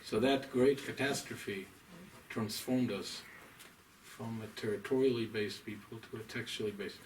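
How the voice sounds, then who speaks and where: A man, a rabbi, giving a deliberate, emphatic, scholarly lecture to a small audience. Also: lowish voice, fairly even intonation. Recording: distant mic, faint room noise.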